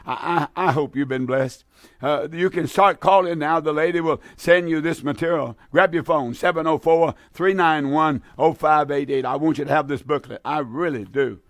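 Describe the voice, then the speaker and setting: A man delivers a fervent radio sermon with a somewhat high-pitched voice, stumbling and repeating himself as his excitement builds. The sound is dry and close to the mic, with no room around it. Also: moderate pace, no echo. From American South. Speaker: radio preacher.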